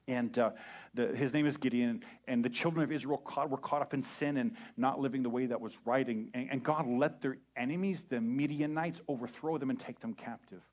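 Animated man preaching a sermon. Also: mid-range voice, fairly quick. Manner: animated, acts out voices and quotes. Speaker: pastor.

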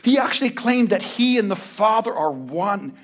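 A man preaching a casual sermon as pastor, talking in a laid-back, slangy way with lively storytelling. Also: high-pitched, moderate pace, soft background music.

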